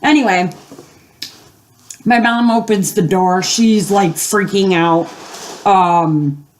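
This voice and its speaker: A woman's voice: mid-range voice, slow, a little hiss or hum. An older woman telling a long story casually at home, rambling with fillers and acting out the voices of the people she quotes. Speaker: gaming video host.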